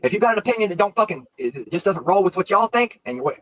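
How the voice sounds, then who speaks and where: A man's voice: sits high, sing-song, rapid-fire, fairly bright tone, no echo, rough recording. A man ranting on a live stream, profane, confrontational and rambling.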